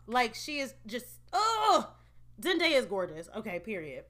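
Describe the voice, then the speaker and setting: A woman's voice: a little high, huge pitch swings, measured pace, fairly bright tone. A woman vlogger giving a chatty, opinionated recap of an awards show, with laughing asides. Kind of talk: casual entertainment recap.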